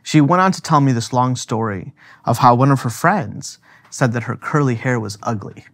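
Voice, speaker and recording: An animated man talks through a theological idea on a podcast. His pitch sits in a middle range. He leans hard on key words and fills pauses with "um". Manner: animated and emphatic, many filler words. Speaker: theologian co-host. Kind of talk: podcast discussion.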